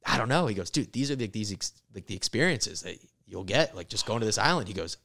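A young man with a lowish voice tells a rambling travel story in casual chat. He is animated and profane, and he speeds up and slows down as the tale builds. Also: vocal fry. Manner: animated, profane, laughs through punchlines. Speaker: comedian guest.

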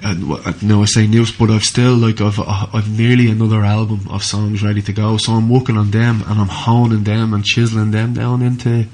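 A male musician guest from Ireland, chatting casually in halting, self-correcting speech with many fillers. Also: lowish voice, level tone. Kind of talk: casual chat, then singing live with guitar. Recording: loud guitar music throughout.

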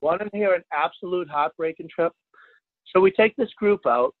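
Husky man telling a story over the phone. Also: sits high, moderate pace, no room sound. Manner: animated, jumps to loud exclaims when retelling. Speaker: fishing charter captain, guest. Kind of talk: casual storytelling interview. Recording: dry tinny phone line.

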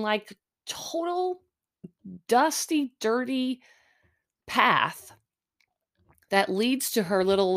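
A middle-aged woman hosting a podcast, chatting casually and sarcastically with lots of fillers and asides. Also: mid-range voice. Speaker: podcast host recapping a reality show. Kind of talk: casual chat. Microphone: close mic, chewing audible.

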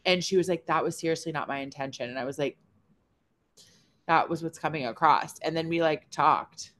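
Bright-voiced, blunt woman in casual chat. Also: deep voice, moderate pace. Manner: blunt, chatty, swears casually. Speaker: podcast co-host.

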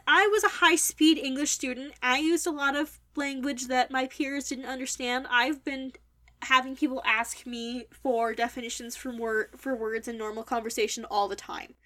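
A young adult woman with a high voice delivers a critical book review monologue. She is opinionated and wordy, picking the writing apart point by point. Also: a bit bright.

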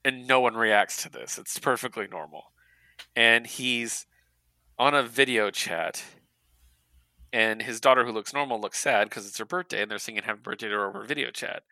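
A man co-hosting a podcast, recapping comic books in casual chat as an animated storyteller who laughs often. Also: medium pitch, normal speed, dry recording. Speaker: podcast co-host.

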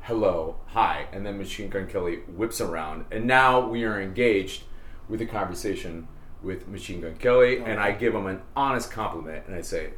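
A man's voice: fairly low pitch, normal speed, fairly bright tone. A man hosting a casual podcast with his bandmates, telling a rambling anecdote with laughs. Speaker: band leader and podcast host. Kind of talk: casual storytelling among friends. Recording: roomy mic with faint ambience.

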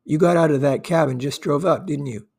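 A man voicing a shrewd, quiet blind pencil seller who talks in a dry way. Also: a little high, a little fast, gravelly, husky.

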